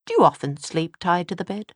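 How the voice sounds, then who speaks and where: A woman's voice: lowish voice, animated, a little fast, no echo. A woman voicing a cheerful, flippant young British man with a dry, mocking manner, read from a novel. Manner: teasing, dryly mocking.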